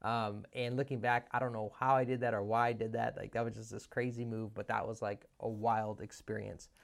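A man in his thirties, a business coach, telling a story in a casual, animated monologue, often restarting his sentences and acting out the dialogue. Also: on the low side, fairly quick, creaky. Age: 30s.

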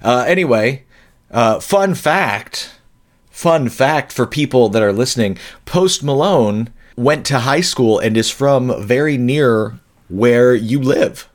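A man's voice: mid-range voice, animated, slow pace. Podcast host dude, rambly, dry humor, fixes his own sentences, regular mid voice. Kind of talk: casual podcast chat.

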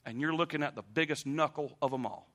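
A man preaching a sermon, emphatic and animated, speaking straight to the congregation. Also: on the high side, quick pace. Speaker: pastor.

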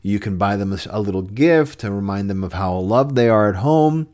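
A man's voice: fairly low pitch, lively intonation, normal speed, darkish tone. A man hosting a podcast, giving relationship advice in an earnest, conversational way with frequent restarts. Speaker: podcast host.

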